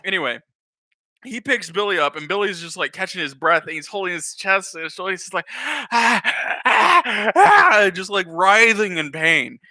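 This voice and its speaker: A man's voice: sits high, fairly quick, sharp tone, dry recording. A man telling a funny story in a casual, rambling way, laughing and drifting into asides. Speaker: YouTuber.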